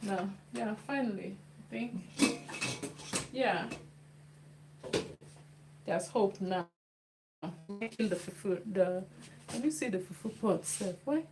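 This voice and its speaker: Woman, unhurried cooking-vlog chat, repeats herself while stirring, noisy kitchen with clicks behind. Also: medium pitch. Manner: chatty, repeats phrases while working. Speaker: cooking vlogger. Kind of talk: casual cooking demonstration. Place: home kitchen.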